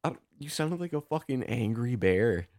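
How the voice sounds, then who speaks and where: A man's voice: medium pitch, lively intonation, normal speed, darkish tone, no echo, studio quality. A young man co-hosting a casual podcast, laid-back and swearing, calling his friend dude. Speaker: podcast co-host.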